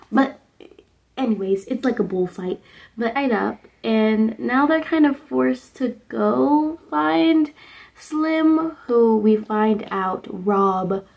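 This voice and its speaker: A woman's voice: mid-range voice, vocal fry, a little mellow, poor audio. Young woman vlogger, chatty and rambling, recaps a movie at home, full of fillers. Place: indoors at home under a sunset lamp.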